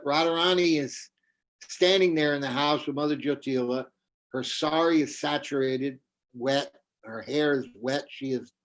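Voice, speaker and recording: A man, a spiritual teacher, telling a devotional story over a video call and acting out its characters. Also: medium pitch. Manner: animated storytelling, acts out voices.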